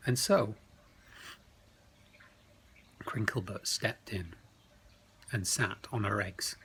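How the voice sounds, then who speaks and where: Guy reading a bedtime story, really slow, voice swings up and down, soft hiss behind. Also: on the low side, low-quality recording.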